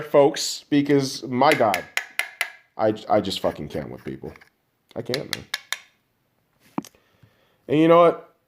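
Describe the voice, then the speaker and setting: A podcast host rants angrily and profanely, mocking imagined listeners and swinging from loud outbursts to low mutters.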